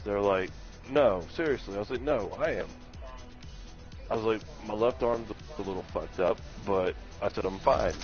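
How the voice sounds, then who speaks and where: Man, low voice, self-mocking storyteller who laughs at his own pain, muffled lo-fi stream audio, faint music underneath. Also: fairly even intonation, fairly quick, few pauses. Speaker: live stream chat participant. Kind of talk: casual storytelling chat.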